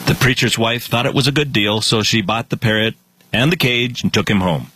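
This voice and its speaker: A man's voice: mid-range voice, lively intonation, a little fast, bright, forceful tone, husky, dry recording, rough recording. A man telling a joke in a short radio comedy spot, with punchy storytelling timing.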